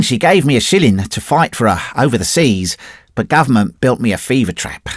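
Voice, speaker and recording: A man's voice: on the low side, no room sound, studio quality. A man voicing a cheeky little Cockney army private, brash and raucous, with a Cockney accent.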